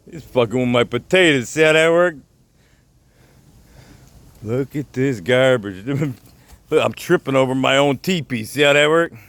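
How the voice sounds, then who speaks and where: A man's voice: mid-range voice, vocal fry, fairly bright tone, dry recording. A man with a Chicago accent walks around his backyard garden filming on his phone, rambling casually, chuckling often and swearing freely as he points things out. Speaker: gardening vlogger. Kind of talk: casual walk-and-talk vlog.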